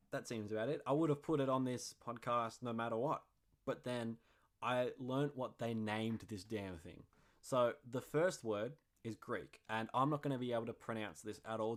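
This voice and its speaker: A young man hosting a podcast, chatting casually in an excitable, slangy and jokey way. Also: medium pitch. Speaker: podcast host.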